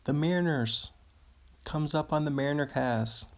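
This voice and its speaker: A man's voice: on the high side, normal speed. A man hosting a casual solo podcast, rambling and easily amused, chuckling as he reads material aloud. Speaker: podcast host.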